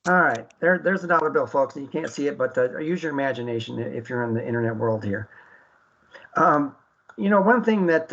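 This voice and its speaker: A man's voice: a little high, a bit bright, muffled recording. A man hosting an internet radio talk show, speaking earnestly with many fillers and restarts.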